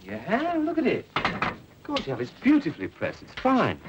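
A man's voice: high-pitched, wildly swooping pitch, normal speed, highs cut off, slight background noise. An actor playing a flustered young man who stammers and pleads with his mother, in a 1960s TV drama.

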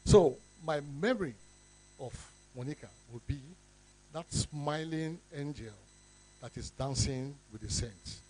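A man finishing a tribute speech in soft, reflective words. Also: on the high side, animated, a little slow, slight background noise, rough recording. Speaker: tribute speaker.

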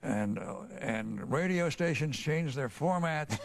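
A man hosting an interview, asking relaxed prompting questions. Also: a little high, slow, gravelly. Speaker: interview host.

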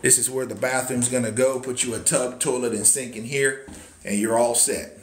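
A man's voice: medium pitch, steady tone, moderate pace, a little hiss or hum. Folksy hyped-up man in his forties. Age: 40s. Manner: hyped-up, folksy, shouts catchphrases and whoops. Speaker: cabin seller and social media host. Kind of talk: casual walkthrough vlog. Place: inside a prefab cabin.

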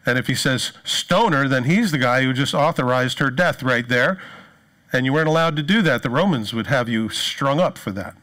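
A pastor delivers a sermon, telling lively stories and acting out the people he quotes. His voice is medium in pitch and his pace is brisk.

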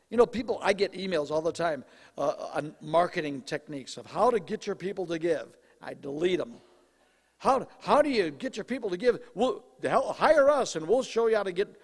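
A man preaching a sermon as pastor in a conversational, joking way, his voice slightly hoarse as he clears his throat. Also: high voice. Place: church sanctuary. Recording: live church recording with long reverb.

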